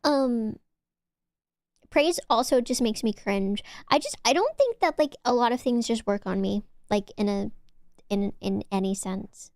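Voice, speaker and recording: A young woman with a Valley Girl accent chatting on her stream, talking loosely with lots of "like"s and sometimes dropping to a soft whisper. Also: expressive, a little slow, no room sound, clean studio sound. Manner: chatty, filler-heavy with many "like"s, dips into low whispers. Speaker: VTuber streamer. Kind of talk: casual chat stream.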